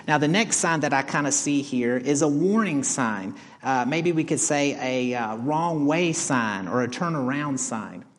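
A man pastor delivering a sermon, asking the congregation rhetorical questions and reading scripture aloud. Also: medium pitch. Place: church sanctuary. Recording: long church reverb.

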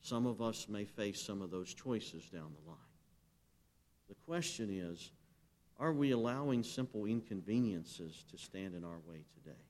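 Brief: male pastor, mid-pitched, forceful sermon delivery, prompts the congregation to reply, reads scripture aloud. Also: a little slow, pauses often. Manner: emphatic preaching, asks the congregation to answer.

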